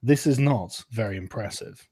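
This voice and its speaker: A man's voice: fairly low pitch, normal speed, darkish tone, breathy edge, no room sound, studio quality. A man voicing a stern, unimpressed church patriarch in a tabletop game, speaking curtly and dismissively. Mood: coldly dismissive. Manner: cold, curt and dismissive. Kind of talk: tabletop role-play voicing.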